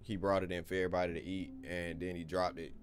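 Rambling, low-voiced man playing a game. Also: flat delivery, quick pace, slight background noise. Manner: loose, rambling, swears casually, talks to viewers. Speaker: gaming YouTuber. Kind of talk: casual gameplay commentary.

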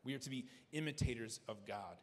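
A man's voice: mid-range voice, a little fast. Preaching man in an echoing church. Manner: earnest preaching with repeated restarts. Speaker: pastor. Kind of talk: sermon. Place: church sanctuary. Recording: long church hall reverb.

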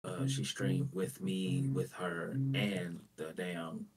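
Low husky male voice heard off-mic from across the room, offhand. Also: little pitch movement, slow, faint music behind. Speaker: host's cousin. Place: off-camera in the room. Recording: distant off-mic voice.

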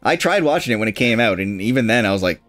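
A man's voice: fairly low pitch, expressive, quick pace, fairly bright tone, faint music behind. Wry young man chatting over a game. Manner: wry, laughing, dry asides. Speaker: let's play co-host. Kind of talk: casual gaming commentary.

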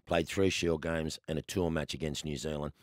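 An Australian man in his sixties, a guest telling lively stories in a casual chat, laughing often. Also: rumbling low, moderate pace, dry recording, studio quality. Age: 60s. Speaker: guest, former cricketer.

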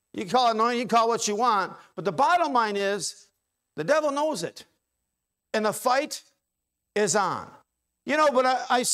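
A man preaching a sermon in a church, rising to loud, repeated calls and dropping to low, quick, conversational asides. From Ohio. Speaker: pastor. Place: church sanctuary.

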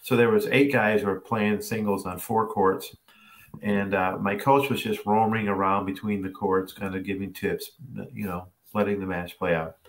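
A man's voice: lowish voice, moderate pace. A middle-aged man, a tennis coach, telling a story to a class over a video call and acting out the voices he quotes. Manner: animated, acts out quoted voices. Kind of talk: storytelling masterclass talk.

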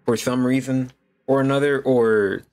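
A man streaming a game playthrough, reacting excitably and talking to his chat. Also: mid-range voice, measured pace. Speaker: gaming streamer. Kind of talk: casual playthrough commentary.

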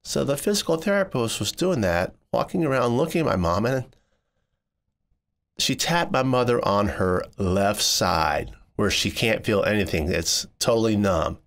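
Lively low-voiced male storyteller. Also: normal speed. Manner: expressive, jumps high when quoting people. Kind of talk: first-person storytelling narration.

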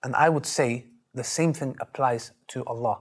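A man, telling stories in an interview in a lively, emphatic way and acting out the voices he quotes. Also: mid-range voice, normal speed, slightly rough. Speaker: Muslim preacher interviewed. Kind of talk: animated storytelling in an interview.

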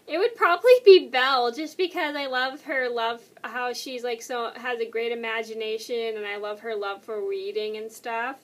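A woman's voice: on the high side, steady tone, moderate pace, hardly any pauses, a bit bright. A young woman vlogging casually, answering questions in a rambling, self-correcting way and sounding tired. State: tired and yawning. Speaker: YouTuber.

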